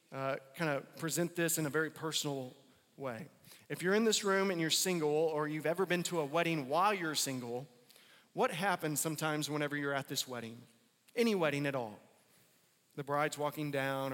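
Man, pastor, conversational sermon, repeats himself for emphasis, higher voice, echoing hall. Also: fairly bright tone.

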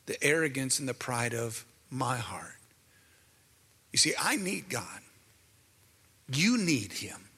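A man's voice: on the high side, pushed and bright, breathy edge, in a large hall. A man co-hosting a Christian talk show, telling his story in an earnest, preacherly way and speaking straight to the listeners. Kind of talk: preaching-style testimony.

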